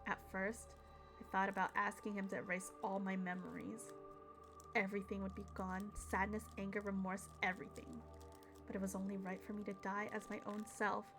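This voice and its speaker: A woman's voice: medium pitch, little pitch movement, music in the background, pitched below the performer's own voice, natural voice. A woman reading as a somber, formal artificial being. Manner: measured, formal, subdued. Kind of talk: reading game dialogue aloud.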